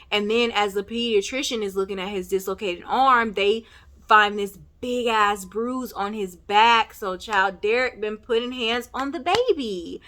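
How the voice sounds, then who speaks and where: A woman casually recapping and reviewing a TV episode, chatty and full of fillers like "you know", with animated outbursts. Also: mid-range voice, unhurried. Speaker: TV recap vlogger.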